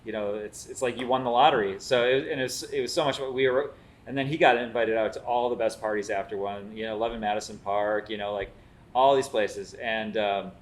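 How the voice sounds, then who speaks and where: A man hosting a food show tells stories in casual chat, animatedly acting out the quotes as he goes. His voice is fairly low-pitched and brisk.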